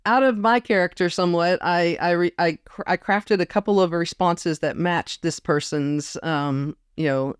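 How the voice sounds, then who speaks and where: A woman's voice: fairly low pitch, normal speed, hardly any pauses, clean tone, no echo, clean studio sound. A woman guest in a casual conversation, reflective and storytelling, often quoting others. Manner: reflective storyteller, quotes others with put-on voices. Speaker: podcast guest.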